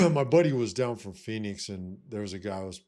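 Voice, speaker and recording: On the low side, his voice swings widely in pitch at a moderate pace. He's a swaggering vlogger dispensing life advice in a casual monologue to camera, cursing bluntly and repeating "you know what I mean".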